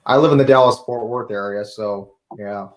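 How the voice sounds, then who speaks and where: A man's voice: on the low side, moderate pace. A man with a Texan accent, raised in Texas, joining a casual video chat in an easygoing way. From Texas, USA.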